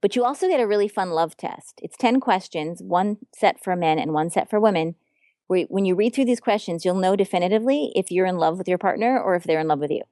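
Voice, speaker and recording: Earnest woman relationship coach, lowish voice. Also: animated, fast, dark tone, no room sound, studio quality. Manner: earnest, emphatic, frank. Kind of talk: podcast interview.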